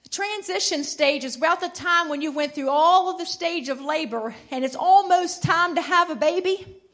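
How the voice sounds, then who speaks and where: A woman preaching a sermon, building from conversational storytelling to loud emphatic declarations. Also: very high voice, moderate pace.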